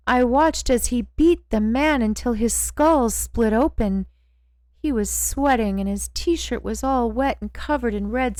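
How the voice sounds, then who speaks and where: A woman narrating a first-person audiobook in a slow, measured way. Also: a little high, a little mellow, dry recording.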